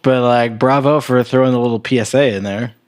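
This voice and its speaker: Mid-pitched dude on a movie podcast, blunt, swears a lot, laid back chat. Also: male voice, fairly even intonation, fairly quick, clear, resonant tone. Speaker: podcast co-host.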